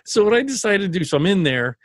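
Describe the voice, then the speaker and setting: Show host, male, high and swooping voice, animated storyteller, dry studio sound. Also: fast, dry recording. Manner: animated storytelling, laughs often. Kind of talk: casual comedic banter.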